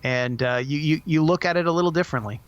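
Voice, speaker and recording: A man's voice: on the high side, quick pace, clean tone, no room sound, muffled recording. A middle-aged man co-hosting a casual movie review podcast, speaking earnestly and thoughtfully. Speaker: podcast co-host.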